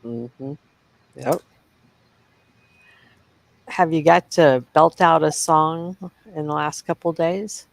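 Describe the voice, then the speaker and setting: A woman's voice: deep voice, slow, vocal fry, pauses often, no echo, low-quality recording. A woman from the Midwest co-hosting a casual livestream chat, gossipy and teasing, chuckling as she talks. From Midwest United States. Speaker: livestream co-host.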